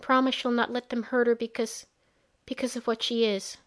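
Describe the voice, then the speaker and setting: A woman voicing a dying young mother who speaks weakly and softly. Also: a little high, level tone, moderate pace, natural voice. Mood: weak, pleading. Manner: weak, hushed.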